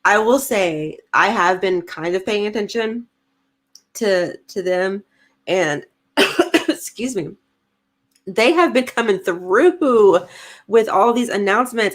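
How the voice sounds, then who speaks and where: A woman's voice: mid-range voice, expressive, slow pace. A woman, co-hosting a casual livestream, chatty and giggly as she reads comments aloud. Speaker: podcast co-host reading live chat.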